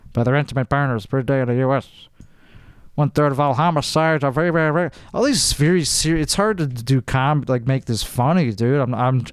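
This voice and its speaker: A man's voice: medium pitch, clear, resonant tone, no room sound. A young man hosting a podcast, reading an article aloud and joking around in a rambling, casual way, often saying "dude". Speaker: podcast host.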